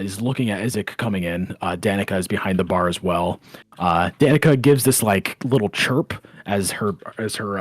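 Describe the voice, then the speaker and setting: A man narrating a tabletop game as game master, in a halting, filler-heavy way. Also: sits low, no echo.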